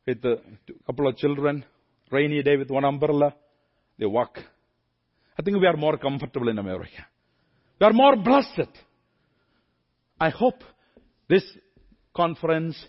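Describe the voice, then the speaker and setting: High-voiced emphatic preacher man. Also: highs cut off. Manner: emphatic, repetitive, swings from soft to loud. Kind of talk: sermon.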